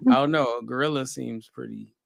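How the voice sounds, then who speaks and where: A man's voice: medium pitch, a little fast, gravelly, dry recording. Laid-back man hosting a chat. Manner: laughs often, loose and rambling. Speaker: host. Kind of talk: casual group chat.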